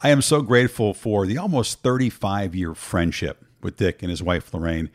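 A man's voice: sits low, moderate pace. A man hosting a talk show, speaking earnestly and thankfully, often repeating words as he starts a thought. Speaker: host. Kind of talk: casual chat.

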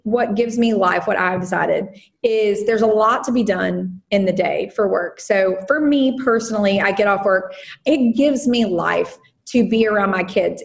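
A woman's voice: medium pitch, vocal fry. A woman in her thirties who runs a design business, talking casually in an interview with many fillers and restarts. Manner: rambling, frequent fillers and restarts. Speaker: design firm owner.

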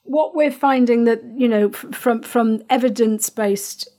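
A middle-aged woman, hosting a parenting podcast and talking gently through a calm breathing exercise, with many fillers and restarts. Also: on the high side, unhurried. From Northern Ireland. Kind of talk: calm guided instruction.

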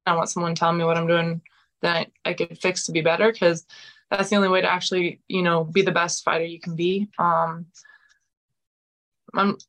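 A woman's voice: lowish voice, level tone, a little fast, a bit bright. A woman in her forties, a guest fighter talking frankly in a casual interview, with many fillers and restarts. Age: 40s.

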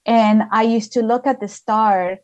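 A woman's voice: a little high, fairly even intonation, measured pace. A woman guest, a spiritual healer from outside the United States, telling personal stories in casual, chatty talk full of "like". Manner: chatty, frequent "like" fillers. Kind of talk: casual conversational storytelling.

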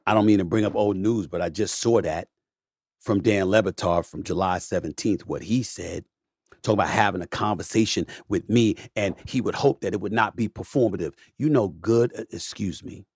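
A middle-aged man hosting a podcast, delivering an opinionated monologue with a repetitive, preacher-like cadence, swinging between low mutters and loud, profane bursts. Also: moderate pace, slightly rough, no echo, studio quality. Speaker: podcast host.

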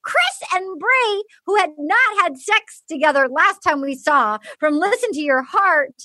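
High-voiced woman hosting a chatty recap. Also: a little slow, dry recording. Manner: animated, acts out quotes in mock voices. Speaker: podcast host. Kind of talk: casual comedic recap chat.

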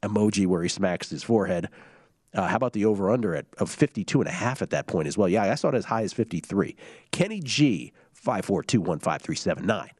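A man's voice: deep voice, lively intonation, a little mellow, husky, dry recording. Man hosting a sports betting show. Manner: quick, loose delivery with filler hums and restarts. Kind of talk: casual sports talk, reading listener tweets.

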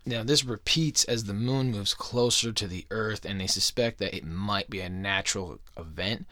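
A young man with a lowish voice rants into a dry, close microphone as a podcast host. He swears constantly, mocks the listener with crude jokes, and talks in a loose, profane monologue style. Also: moderate pace, pushed and bright, no echo. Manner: crude, swearing constantly, mocking, jokey asides.

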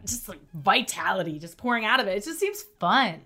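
A woman co-hosts in loose, casual talk and swears freely. Her voice is bright and forward. Her pitch swings up and down a lot as she reacts and asks questions. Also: big pitch swings, fairly quick. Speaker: podcast co-host. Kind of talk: casual podcast chat.

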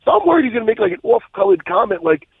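A man hosting a podcast, telling a story in a casual, animated and profane way and laughing at his own story. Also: very high voice, very fast, vocal fry, breathy edge, no echo. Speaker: podcast co-host. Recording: tinny, phone-like dry sound.

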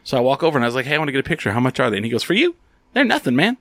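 A man's voice: mid-range voice, very fast, a bit bright, no echo. A man co-hosting a casual chat, telling a story with lots of swearing and acted-out quotes. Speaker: podcast co-host.

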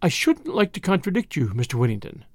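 A man's voice: sits high, very animated, normal speed, no room sound, studio quality. A man voicing a cheeky young woman who bluffs in a sweet, arch tone in a storybook reading.

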